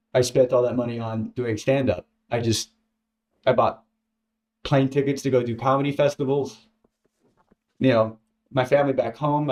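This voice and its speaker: Man, casual storytelling, halting, repeats words, mimics others. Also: mid-range voice. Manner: halting, repeats words, lively quoting voices. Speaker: former contestant telling his story.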